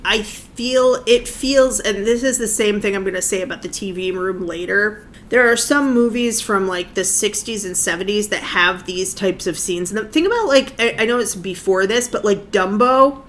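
A woman's voice: mid-range voice, normal speed, few pauses, fairly bright tone, a little hiss or hum. A woman co-hosting a podcast, chatting casually and enthusiastically about a film, laughing often and restarting her sentences. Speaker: podcast co-host. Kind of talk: casual film discussion chat.

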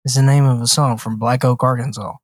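A man's voice: mid-range voice, fairly even intonation, fairly quick, no echo, studio quality. A man in his thirties co-hosting a podcast in casual chat, swearing freely, bragging in mock grandeur and laughing often. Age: 30s. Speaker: podcast co-host.

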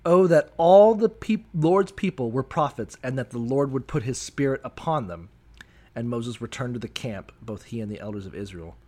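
Speaking at a moderate pace in a mid-range voice, a man co-hosting a comedy podcast jokes crudely about a bible story. He stays animated and acts out the voices of the figures in it as the comedic commentary unfolds.

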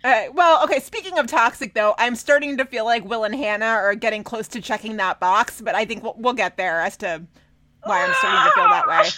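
A woman co-hosting a podcast in casual chat, animated and swearing, mimicking people in mocking voices. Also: fairly high pitch, fairly quick, few pauses, slight background noise. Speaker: podcast co-host. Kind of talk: casual chat recapping a TV episode.

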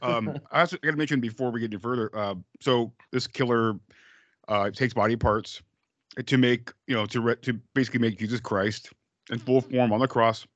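A man's voice: medium pitch, steady tone, brisk, fairly bright tone, dry recording, highs cut off. Rambling, swearing man on a podcast. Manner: rambling, swearing, lots of fillers. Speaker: podcast co-host. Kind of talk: casual movie-review banter.

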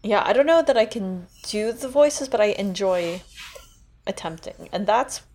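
A woman's voice: mid-range voice, animated, a little slow, darkish tone. Easygoing woman podcast host. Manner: easygoing, self-deprecating. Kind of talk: casual chat.

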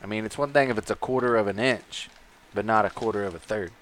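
A man's voice: fairly low pitch, fast, fairly bright tone, slight background noise. A man in his thirties co-hosting a podcast, trading joking, swearing banter and mock challenges in casual chat. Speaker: podcast co-host.

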